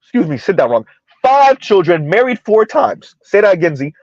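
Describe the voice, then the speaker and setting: A man's voice: sits high, sing-song, darkish tone, no echo, lo-fi sound. A man hosting a reaction commentary, talking emphatically and sarcastically, drawing out words for effect and often tossing in a rhetorical "huh?". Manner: emphatic, sarcastic, drawn-out repetition with frequent "huh?". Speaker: commentary channel host. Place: South Florida.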